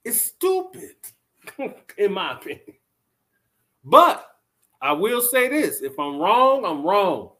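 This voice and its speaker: A man commentating casually on a live stream, blunt and animated, talking straight to his viewers and chat. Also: high voice, measured pace. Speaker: vlogger reacting to live chat.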